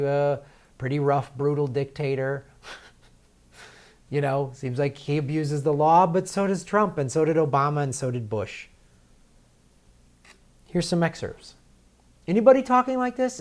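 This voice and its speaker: A man's voice: a little high, darkish tone. A man hosting political commentary, talking in a heated, sarcastic way with lots of filler words and restarts.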